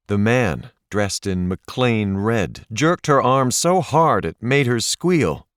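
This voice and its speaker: A man narrating an audiobook in a measured, expressive reading. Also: mid-range voice, smooth, dry recording, studio quality. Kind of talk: scripted narration.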